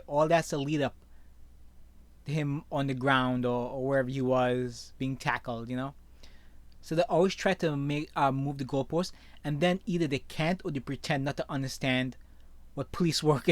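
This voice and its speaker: A man's voice: medium pitch, no room sound. A man commentating on news stories he reads aloud, opinionated and often tagging his sentences with "okay?". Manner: opinionated, with frequent "okay?" tags. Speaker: online commentator. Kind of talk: reading and reacting to news stories.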